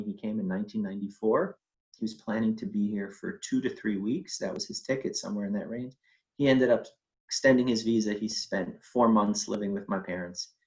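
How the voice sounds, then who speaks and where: A man's voice: on the low side, a little mellow, poor audio. A middle-aged man telling a personal family story in a conversational way, with fillers and quoted speech.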